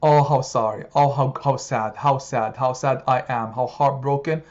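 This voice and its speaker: A man's voice: medium pitch, steady tone, moderate pace, darkish tone, close to an everyday voice. A man voicing a grieving elderly father who cries out his sorrow again and again, in a slightly muffled recording. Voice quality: lamenting, repetitive cries.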